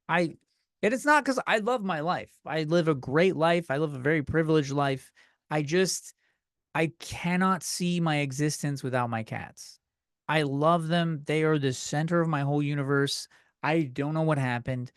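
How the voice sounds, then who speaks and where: A man with a fairly high voice rants through a comedy podcast, swearing freely and tripping over his own restarts. The sound is dry and close, with no room around it. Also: normal speed, fairly bright tone, no room sound. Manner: rambling, profane, self-interrupting. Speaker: podcast host. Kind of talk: comedic solo rant.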